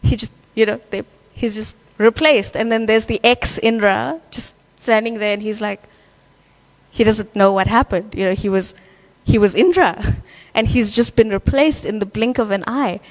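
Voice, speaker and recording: A woman teaching a devotional scripture class, telling a story in a lively way with many fillers. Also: mid-range voice, normal speed. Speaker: class speaker.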